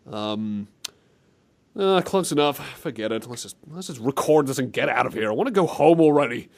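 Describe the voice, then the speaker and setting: A man's voice: medium pitch, lively intonation, moderate pace, gravelly. A man co-hosting a casual comedy chat, playful and prone to breaking into silly voices. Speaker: podcast co-host.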